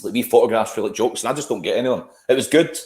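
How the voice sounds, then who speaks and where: A man's voice: medium pitch, very fast, darkish tone, roomy sound. A man chatting casually as podcast co-host, rambling and repeating words. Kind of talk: casual chat.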